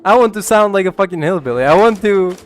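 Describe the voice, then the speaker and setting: A man's voice: sits high, expressive, fast. Rambling, swearing male gaming streamer. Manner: rambling, profane, laughs a lot, many fillers. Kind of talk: casual gameplay commentary.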